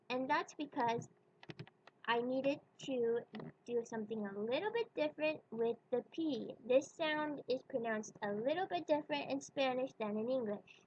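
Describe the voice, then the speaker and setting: Woman, high voice, language teacher, patient and clear demonstrations, muffled recording. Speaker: Spanish teacher. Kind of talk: video pronunciation lesson.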